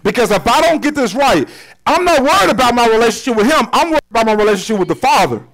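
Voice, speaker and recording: High-voiced preacher, loud then hushed. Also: male voice, very animated, quick pace, rough recording. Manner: conversational preaching with slang, swings from loud to hushed. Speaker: pastor. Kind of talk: sermon. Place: church sanctuary.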